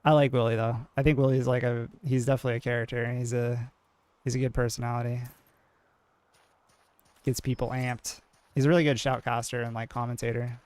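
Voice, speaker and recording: Mellow New England streamer guy. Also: medium pitch, brisk, long pauses, clear, resonant tone, dry recording. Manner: mellow, monotone, many "like" fillers. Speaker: game streamer. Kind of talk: casual live-stream chat.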